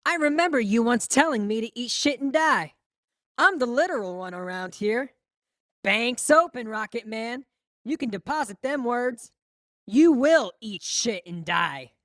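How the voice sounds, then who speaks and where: A woman's voice: fairly high pitch, animated, normal speed, no room sound, clean studio sound. Woman voicing a crude, taunting angry son. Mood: mocking. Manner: taunting, mocking, shouting. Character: crude, dim-witted, vengeful grown son, male. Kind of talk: audiobook character voice.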